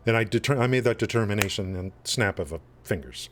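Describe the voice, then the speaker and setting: A fairly low-pitched man talks a little fast while hosting a game livestream. His chat with viewers is loose and rambling, full of fillers and false starts.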